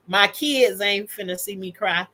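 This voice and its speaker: A woman's voice: medium pitch, slow pace, pushed and bright. A woman hosting a casual livestream, telling stories about family and her kids with candid emphasis and frequent laughter. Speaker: livestream host and mother.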